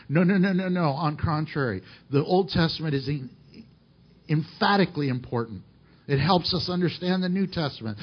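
A man's voice: a little high, husky, dull audio. A man preaching a sermon, emphatic and full of rhetorical questions to the congregation. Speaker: pastor.

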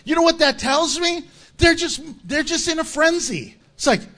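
A male pastor preaching a sermon, reading scripture aloud and acting out crowd voices in an animated way. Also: extremely high pitch, normal speed.

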